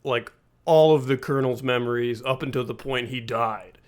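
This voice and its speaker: A man's voice: mid-range voice, moderate pace. A man co-hosting a podcast in casual chat, laid-back, explaining plot details and swearing now and then. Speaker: podcast co-host.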